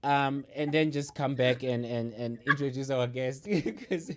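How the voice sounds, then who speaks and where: A man hosting an online talk show in casual chat, laughing often, repeating words and filling pauses with ums. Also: mid-range voice. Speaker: show host.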